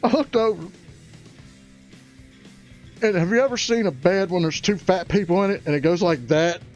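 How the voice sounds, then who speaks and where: A man telling a crude comic story, excitable and prone to loud rising outbursts. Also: high-pitched, moderate pace, highs cut off, faint music behind. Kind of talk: stand-up storytelling.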